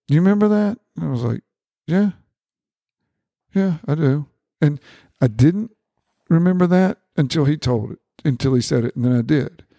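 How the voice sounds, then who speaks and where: A man's voice: lively intonation, moderate pace, creaky, mellow, no room sound, studio quality. A middle-aged man earnestly recounting a personal experience as an interview guest, repeating words and quoting dialogue in a lifted voice. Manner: repeats words, quotes dialogue with rising pitch. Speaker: guest, family doctor.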